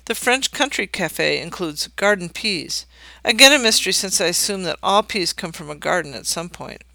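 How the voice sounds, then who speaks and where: Male narrator, wry scripted essay read, dry close sound, gravelly tone. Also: high voice, expressive, moderate pace, sharp tone, no echo.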